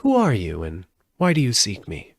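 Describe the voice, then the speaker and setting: A man voicing a lovely, powerful winged lady in a storybook reading, measured and haughty as she bargains. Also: on the low side, huge pitch swings, dry recording, exaggerated voice.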